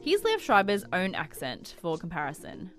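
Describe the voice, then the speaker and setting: A woman reading scripted narration for an explainer video in an even, informative way. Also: fairly low pitch, normal speed, soft background music.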